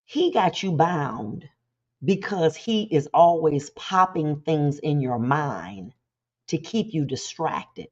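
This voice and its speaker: Her low-pitched voice has a breathy edge, and the recording has its highs cut off. She preaches animatedly on her motivational talk show, keeping it conversational and slipping into quick character voices.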